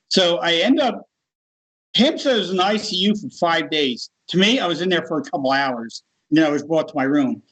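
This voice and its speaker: An American man in middle age tells his story casually and with feeling. His voice sits a touch high, and he laughs as he goes. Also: rough recording. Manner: animated, laughs while telling. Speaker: guest.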